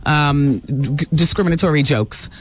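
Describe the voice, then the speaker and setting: A woman's voice: sits low, moderate pace, slight background noise. A woman hosting a call-in radio talk show, blunt, opinionated and teasing with her callers.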